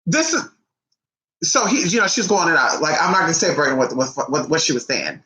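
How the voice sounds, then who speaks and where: Young adult woman, casual storyteller, profane and animated, bright tone, roomy echo. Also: low voice, brisk. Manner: animated, profane, acts out quotes in shifting voices. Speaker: vlogger. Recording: echoey room.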